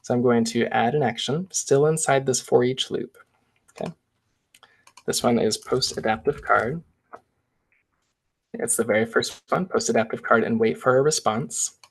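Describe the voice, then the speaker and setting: A man presenting a live software demo, talking through each step in a casual, chatty way. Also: medium pitch, normal speed, creaky, long pauses, breathy edge.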